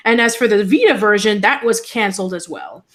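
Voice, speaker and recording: A woman's voice: mid-range voice, brisk. A woman co-hosting a casual online show, reading news items in a chatty, hesitant way with many fillers. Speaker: co-host. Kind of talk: casual podcast chat.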